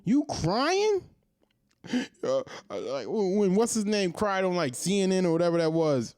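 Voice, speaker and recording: A man in his thirties rants straight into the mic, firing off profane rhetorical questions. His pitch swings widely as he heats up, and the sound is dry with no room echo. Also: wildly swooping pitch, a little slow, darkish tone. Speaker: commentary host. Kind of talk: ranting monologue.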